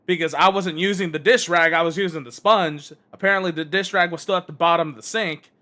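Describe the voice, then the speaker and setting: High, bright-voiced ranting streamer man. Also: fairly even intonation, brisk. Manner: exasperated, heavy swearing. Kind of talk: casual rant while gaming.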